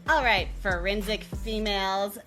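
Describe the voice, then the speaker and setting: A woman's voice: mid-range voice, unhurried, fairly bright tone, faint music behind. A woman co-hosting a comedy show, trading sassy, sarcastic scripted banter. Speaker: podcast co-host.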